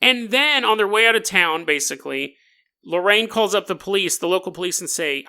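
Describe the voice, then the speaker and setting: A male podcast host telling a story with sarcastic jokes and frequent laughter. His voice sits high and has a very bright, sharp edge. The tone is casual and mocking. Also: big pitch swings, a little fast. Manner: sarcastic, joking, laughs often.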